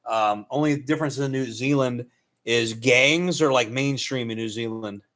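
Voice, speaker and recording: In a casual, rambling monologue, a male host restarts often, leans on fillers, and laughs at his own jokes. He speaks at a normal speed with a medium-pitched, fairly bright voice.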